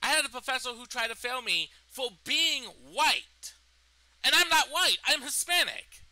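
A man's voice: very high voice, expressive, a little slow, sharp tone, no room sound, low-quality recording. A young man in a vlog, indignantly retelling a personal story and swearing freely. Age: young adult. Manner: indignant, profane retelling of events. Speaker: vlogger.

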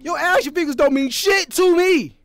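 A man streaming a horror game, reacting with loud, profane shouts and casual banter. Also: very high voice, moderate pace. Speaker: gaming streamer. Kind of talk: gaming reaction commentary.

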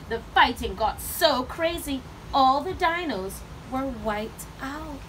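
A woman reading picture books aloud to children, with expressive, animated storytelling. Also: high-pitched, slow pace, hardly any pauses, a little hiss or hum, low-quality recording.

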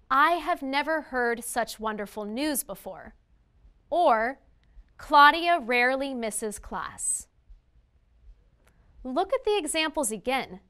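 Slow, bright-voiced woman teaching grammar. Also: sits high, clean tone. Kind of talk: scripted grammar lesson narration.

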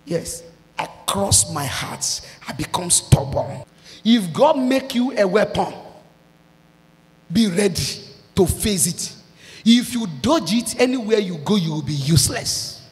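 Nigerian woman pastor preaching in a lively voice. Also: medium pitch, measured pace, in a large hall. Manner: preaching with sudden shouted and sung outbursts. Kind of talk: sermon.

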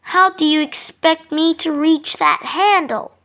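A woman voicing a tiny, grumpy female elephant in a storybook, squeaky and grumbling. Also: slow pace, pushed and bright, exaggerated voice.

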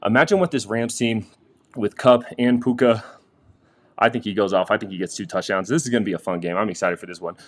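A young man hosting a casual sports betting picks vlog from a quiet room in a busy house, chatty and talking straight to viewers. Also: fairly low pitch, a little fast. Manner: chatty, restarts sentences, addresses viewers directly.

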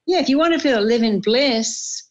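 A woman's voice: fairly high pitch, expressive, moderate pace, a little hiss or hum. An older woman, answering interview questions with enthusiasm and repeated upbeat phrases. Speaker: guest therapist. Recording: slightly dull lo-fi audio.

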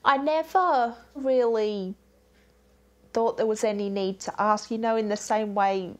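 A woman's voice: fairly high pitch, steady tone, unhurried. A young Australian woman in a casual interview, recalling dates in a precise, matter-of-fact way.

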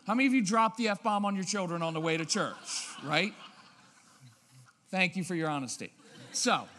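A man giving a lively talk on parenting, often acting out parents' voices and checking with the audience. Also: high voice, normal speed, long pauses. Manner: lively, acts out parents' voices, keeps asking "right?". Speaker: parenting speaker. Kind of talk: animated seminar talk. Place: church auditorium. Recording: long reverb of a large hall.

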